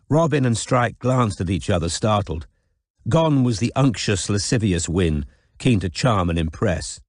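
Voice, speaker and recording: A man's voice: lowish voice, lively intonation, a little slow, dry recording. Man narrating an audiobook, dry. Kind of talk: scripted narration.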